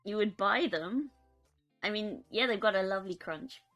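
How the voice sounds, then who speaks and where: A woman's voice: mid-range voice, moderate pace, a bit bright, faint music behind. A young woman chatting casually on a live stream, giggling often and reading out chat. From United Kingdom.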